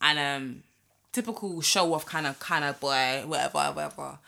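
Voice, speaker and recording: A woman's voice: low-pitched, moderate pace, creaky, pushed and bright. A young woman, co-hosting a podcast and telling a story animatedly, swearing and slipping into patois. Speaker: podcast co-host. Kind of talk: casual chat, storytelling.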